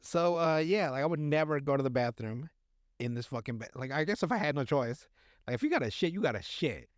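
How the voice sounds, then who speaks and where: A man's voice: on the high side, lively intonation, a little fast, no echo, studio quality. A man hosting a podcast, telling a story in casual, crude chat full of fillers and restarts. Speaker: podcast host.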